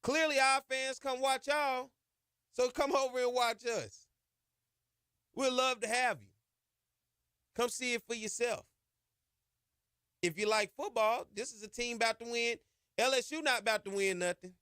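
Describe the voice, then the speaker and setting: Fired-up high-voiced podcast host. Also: male voice, steady tone, a little slow, pauses often, pushed and bright, smooth, no room sound, studio quality. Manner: emphatic, preachy, colloquial with "y'all" and "ain't". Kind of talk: impassioned sports podcast monologue.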